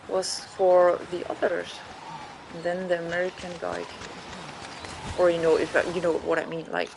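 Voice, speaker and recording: A young woman talks casually on a game stream in unhurried English that is not her first language. She rambles, stops mid-word and starts over while hunting for the right phrase. A faint hiss of noise sits behind her voice. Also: on the low side, a little mellow, low-quality recording. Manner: rambling, searching for words, self-correcting. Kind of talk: casual chat while gaming.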